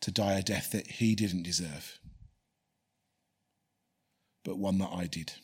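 Male pastor, lowish husky voice, earnest and repetitive. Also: takes it slowly, a little mellow. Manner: earnest, repeats key phrases for emphasis. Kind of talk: preaching, then leading a prayer.

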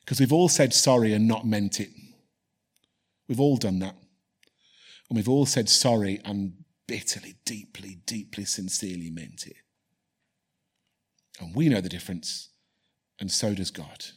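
A man's voice: lowish voice, measured pace, pauses often, slightly rough. A man preaching a sermon and leading a prayer, earnestly repeating key phrases for emphasis. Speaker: pastor.

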